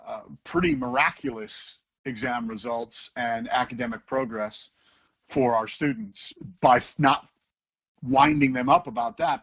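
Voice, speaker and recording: A man's voice: mid-range voice, vocal fry, breathy edge, lo-fi sound. A man, a teacher talking casually in an interview and acting out voices as he tells stories. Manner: animated storyteller who acts out voices.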